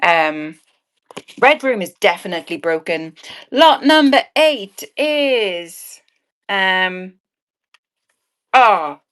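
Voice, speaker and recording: A woman's voice: mid-range voice, lively intonation, very slow, long pauses, fairly bright tone. A woman selling earrings on a live stream, chatting cheekily with viewers and swearing with a laugh. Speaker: online auction seller.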